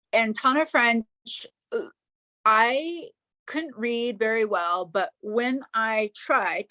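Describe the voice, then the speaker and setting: A woman guest on a podcast, talking in an emotional, halting way with many restarts. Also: fairly high pitch, bright, forceful tone, no room sound. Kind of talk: casual interview chat.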